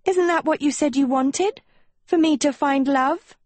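A woman's voice: sits high, unhurried, darkish tone, no room sound, pitched above the performer's own voice. A woman voicing a sweetly menacing villain girl. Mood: shrill indignant. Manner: silky, taunting, coldly sweet. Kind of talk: audiobook character reading.

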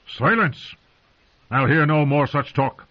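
A man's voice: fairly high pitch, animated, slow pace, voice pushed up. Man voicing a stern old commander barking orders. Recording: dull lo-fi audio.

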